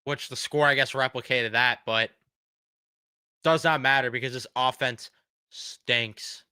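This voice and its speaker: A man's voice: medium pitch, steady tone, a little slow, sharp tone, smooth, no echo, studio quality. A man hosting a fan reaction show, ranting bluntly and sarcastically about his team while losing his voice. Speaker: sports fan show host.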